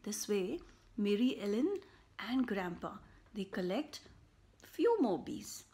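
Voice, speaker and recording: A woman reading a picture book aloud to children, slow and animated, with buzzing and animal sound effects and soft whispered asides. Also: medium pitch. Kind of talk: children's story read-aloud.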